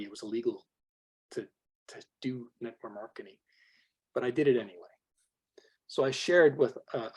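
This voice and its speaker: Husky storytelling man on a team call. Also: mid-range voice. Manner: animated storyteller, acts out quoted dialogue. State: voice worn from much talking. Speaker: guest trainer on a team call. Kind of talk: personal story talk to a sales team.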